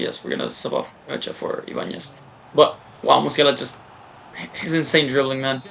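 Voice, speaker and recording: A man giving casual, rambling live commentary while playing a soccer video game, often breaking into excited shouts and cheers. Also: medium pitch, creaky, a little hiss or hum. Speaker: gaming YouTuber.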